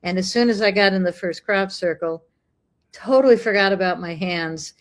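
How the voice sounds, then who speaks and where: A lively American woman telling a story. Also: medium pitch, moderate pace. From United States. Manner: lively, animated, acts out dialogue. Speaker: guest. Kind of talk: casual storytelling chat.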